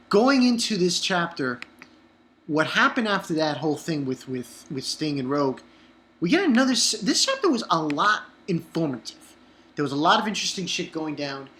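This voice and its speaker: A man reviewing a manga chapter in an excitable, profane, rambling way. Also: on the high side. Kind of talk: casual online review.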